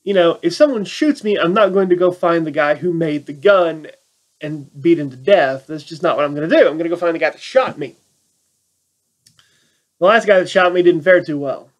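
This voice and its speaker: A man's voice: on the high side, lively intonation, moderate pace. A man giving a casual, sarcastic film review rant and mocking the plot. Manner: sarcastic, acts out quotes in mocking voices. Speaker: movie reviewer.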